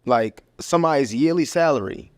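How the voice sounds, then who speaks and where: A man's voice: fairly high pitch, moderate pace, dry recording. Laid-back Baltimore-born man talking money. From Baltimore, USA. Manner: relaxed, agreeable, fills with "like" and "yo". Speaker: podcast guest, financial educator. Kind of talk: casual podcast chat.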